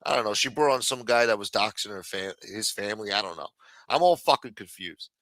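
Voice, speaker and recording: Profane ranting man, bright voice. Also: fairly low pitch, expressive, brisk, no echo. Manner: heated, swears constantly, mocks others in raised voices. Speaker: livestream commentator. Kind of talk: casual profane rant.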